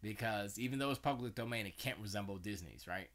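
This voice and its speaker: Male streamer, lowish bright voice, loose rambling chat, sounds tired. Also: fast talker. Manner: meandering, self-correcting, loose slangy talk with frequent fillers. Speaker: livestream host. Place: home studio.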